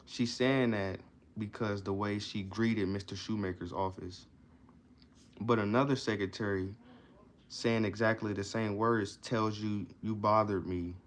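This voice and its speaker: A man's voice: lowish voice, fairly even intonation, unhurried, slight background noise. A man reading passages from a self-help book aloud and explaining them in casual slang, often repeating and restarting himself. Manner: reads passages, then explains them in loose slang asides.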